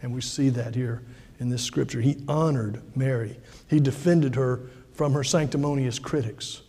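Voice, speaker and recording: A man's voice: mid-range voice, moderate pace, dark tone, slightly rough. An older man preaching a sermon from a church pulpit in an easygoing, folksy way, with asides and rhetorical questions. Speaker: pastor. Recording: long reverb of a large hall.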